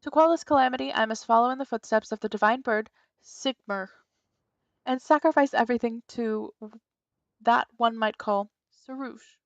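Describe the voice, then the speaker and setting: A woman's voice: on the high side, moderate pace, creaky, no echo, muffled recording. A woman voicing a proud, grandiose female spirit guardian in a video game, speaking in a pompous, theatrical formal manner.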